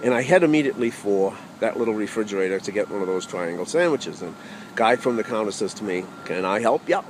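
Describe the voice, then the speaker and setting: A man's voice: fairly low pitch, animated, fast, noisy background. A man telling a humorous personal story with wry asides to the audience.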